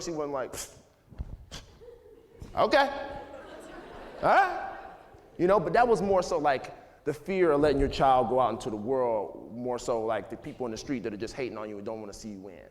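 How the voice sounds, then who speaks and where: Laid-back man talking in an echoing hall. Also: a little high. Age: 30s. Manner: loose and conversational, heavy with "you know" and "like". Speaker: guest speaker. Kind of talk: casual talk to a live audience. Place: school auditorium. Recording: long hall reverb.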